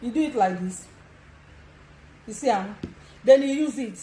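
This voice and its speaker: Animated yet unhurried, her mellow voice sits on the high side, with slight background noise. She is in her sixties, has a Nigerian accent, and boldly guides a social media live demonstration with frequent laughs in an echoey room.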